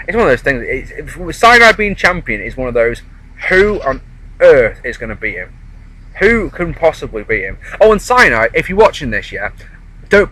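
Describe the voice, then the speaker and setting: A man's voice: fairly high pitch, sharp tone, poor audio. A man chatting casually outdoors in a park, rambling through a wrestling show review. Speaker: wrestling vlogger.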